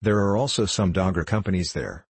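Guy reading as a big bearded craftsman, blunt, deep husky voice. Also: fairly quick, no echo. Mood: hearty. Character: burly bearded craftsman, blunt and good-humoured.

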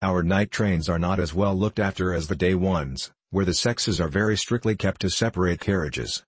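A man voicing a sharp-tongued farmer's wife in an audiobook, scolding as she talks. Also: deep voice, normal speed, husky, no echo.

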